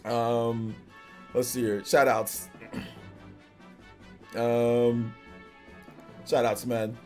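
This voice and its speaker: A man's voice: mid-range voice, level tone, drawn-out words, soft background music. A man chatting casually on a live stream. He rambles and repeats himself, laughs often, and peppers his talk with slang like "bro" and "you know what I'm saying". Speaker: live streamer reacting to a game trailer.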